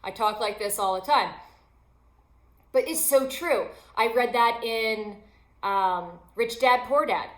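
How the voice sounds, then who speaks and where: A woman with a fairly high voice gives an upbeat, chatty motivational talk, teasing herself as she goes. She talks like a yoga teacher coaching her listeners. Her voice bounces around an echoey room. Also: takes it slowly. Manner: upbeat, chatty, self-deprecating humor. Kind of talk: motivational self-help talk.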